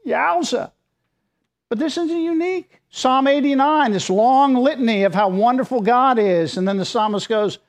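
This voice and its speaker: Pastor preaching, chatty but emphatic, tosses in casual asides, mid pitch. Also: moderate pace. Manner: conversational, emphatic, with informal asides. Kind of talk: sermon.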